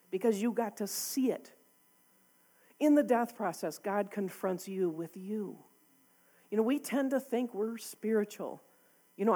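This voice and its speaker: A woman's voice: medium pitch, warm tone. A woman preaching a sermon to a congregation in a church, talking candidly and conversationally, often with a laugh.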